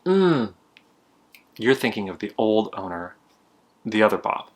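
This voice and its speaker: A man's voice: lowish voice, very animated, a little slow. Brief: matter-of-fact young woman clerk, as a man plays her, plain everyday voice. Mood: helpful. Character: calm young woman at a shop counter.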